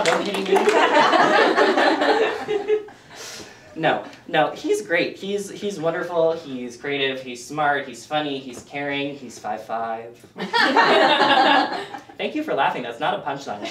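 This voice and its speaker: A man performing a self-deprecating stand-up set with deadpan asides for a small audience in a living room. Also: a little high, reverberant, distant mic, heavy background noise. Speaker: stand-up comic.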